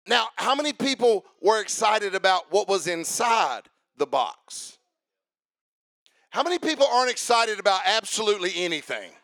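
A man preaching a sermon in a church, calling for amens and rising into shouted, sing-song lines. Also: high voice, sing-song, normal speed.

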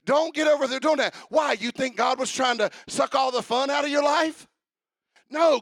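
A man preaches a sermon with fervent, rhythmic energy, building his repeated lines into shouts. His voice sits very high with a gravelly rasp and a bright, tense edge. The recording is dry and close. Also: dry recording. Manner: fervent, rhythmic preaching with shouted call-outs and sung refrains.

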